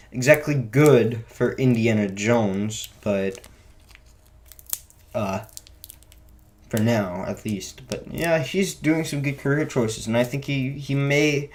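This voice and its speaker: A young man giving a casual, unscripted film review, rambling with many restarts and self-corrections. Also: mid-range voice. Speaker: movie reviewer.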